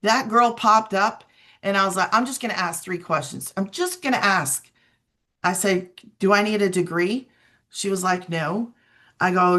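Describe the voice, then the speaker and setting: A woman in her forties, a mother, sharing a personal testimonial on a video call, telling it in an animated way with emphatic repeats. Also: mid-range voice.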